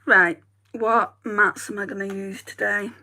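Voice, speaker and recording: Northern English beauty vlogger, chatty and rambling, crisp tone with a gravelly edge. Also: female voice, mid-range voice, level tone, a little slow, bright, forceful tone. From northern England. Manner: chatty, rambling, talks to viewers. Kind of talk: casual chat while doing makeup.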